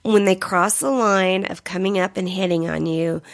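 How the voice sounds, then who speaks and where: A woman co-hosting a casual podcast chat, sick and a bit hoarse, blunt and joking. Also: fairly low pitch, steady tone, normal speed, no room sound. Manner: blunt, joking, laughs often. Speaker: podcast co-host. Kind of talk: casual chat over wine.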